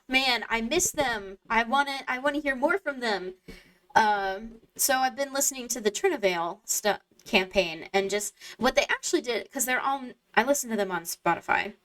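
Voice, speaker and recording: A woman's voice: a little high, a bit bright. Rambling young woman chatting while gaming. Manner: rambling, loses her train of thought, many fillers. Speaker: streamer. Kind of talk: casual chat while gaming. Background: faint game music.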